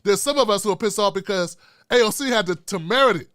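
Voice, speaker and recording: A male host tearing through a heated, profanity-laced political rant. His voice sits very high with a bright, forceful edge. The sound is dry and close, with no room to speak of. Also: animated, quick pace, dry recording. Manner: profane, heated, swears constantly.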